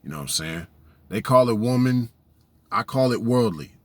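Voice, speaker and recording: A man's voice: medium pitch, animated, normal speed, no echo. A man giving a preachy casual monologue, often saying "you know what I'm saying". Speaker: vlogger.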